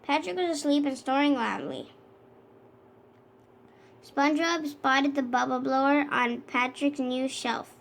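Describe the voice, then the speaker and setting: Woman narrator, high voice, children's read-aloud, steady with small self-corrections. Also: measured pace, gravelly, pauses often. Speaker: storybook reader.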